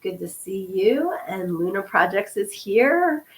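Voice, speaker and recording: A woman in her fifties, hoarse from a cold, hosting a casual livestream podcast and chatting with her viewers in an apologetic, friendly way. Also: mid-range voice, big pitch swings, measured pace. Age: 50s. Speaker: podcast host and author.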